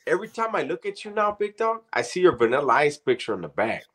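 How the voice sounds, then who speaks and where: A man's voice: a little high, sing-song, fast, a bit bright. A middle-aged man co-hosting a casual chat, full of profane, teasing banter. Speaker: podcast co-host.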